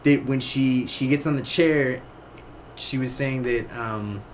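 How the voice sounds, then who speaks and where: Animated man retelling a game. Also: mid-range voice, slow pace, a little hiss or hum. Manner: animated storytelling, drops into quoted voices, trails off. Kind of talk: casual gaming podcast chat.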